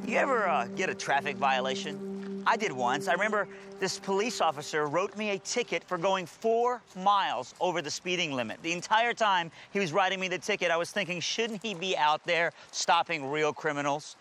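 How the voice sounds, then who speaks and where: A man's voice: high-pitched, lively intonation, a little fast, pushed and bright, faint music behind. A man telling his conversion story and preaching in an earnest, emphatic storytelling manner. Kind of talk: testimony and sermon.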